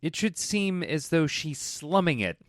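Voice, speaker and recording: A man's voice: on the high side, animated, unhurried, no echo. A man co-hosting a film review, adding short dry sarcastic remarks. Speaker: co-host. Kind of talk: casual film review chat.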